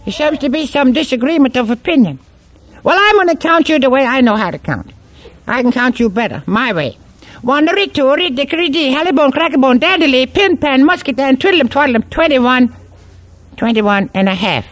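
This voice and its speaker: A man's voice: extremely high pitch, expressive, a little fast, a bit bright, no echo, pitched above the performer's own voice. A man voicing Mister Punch, a cocky, sassy male puppet who teases the audience in a live puppet show. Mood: cocky, teasing. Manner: boastful, teasing, playful drawl.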